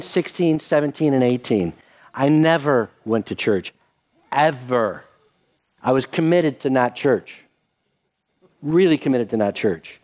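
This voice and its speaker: An older man preaching a sermon as pastor, telling a story with acted-out quotes and leading a prayer. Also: mid-range voice. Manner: animated storytelling with voiced quotes, then soft prayer.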